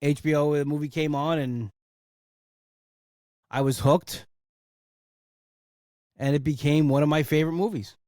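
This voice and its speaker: A young man chats on his own podcast in a loose, rambling way and swears when he gets excited. His voice sits a bit high for a man. The sound is close and dry, with no room around it. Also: unhurried, pauses often, no echo. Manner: enthusiastic, rambling, swears for emphasis. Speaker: podcast host. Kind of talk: casual solo podcast chat.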